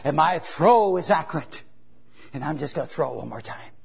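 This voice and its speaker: A proud, showy juggler , put on by a preacher with a husky, high-set voice. He brags to a crowd in a confident, showman's way. He never doubts himself. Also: lively intonation, normal speed, exaggerated voice. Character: boastful middle-aged male juggler, showing off.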